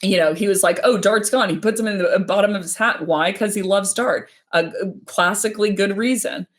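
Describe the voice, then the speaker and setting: A woman talking as a guest on a casual livestream, rambling quickly and often restarting her sentences. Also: mid-range voice. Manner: fast, rambling, with many restarts. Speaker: guest speaker.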